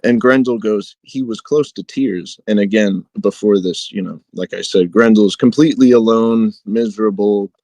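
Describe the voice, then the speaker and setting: A man's voice: lowish voice, moderate pace, few pauses, a little mellow, no room sound, poor audio. A man co-hosting a podcast, chatting casually with many fillers and reading book passages aloud with light dramatic emphasis. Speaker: podcast co-host.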